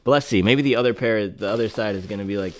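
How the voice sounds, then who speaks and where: A man hosting a casual shoe review, talking excitedly and breaking into slangy exclamations. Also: fairly low pitch, quick pace, no room sound. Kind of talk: casual product review vlog.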